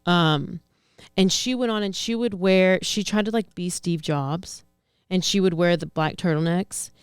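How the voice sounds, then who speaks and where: A woman's voice: fairly low pitch, measured pace, clear, resonant tone, no echo, clean studio sound, faint music behind. A woman co-hosting a podcast, chatting casually about true-crime news in a rambling, self-correcting way. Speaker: podcast co-host.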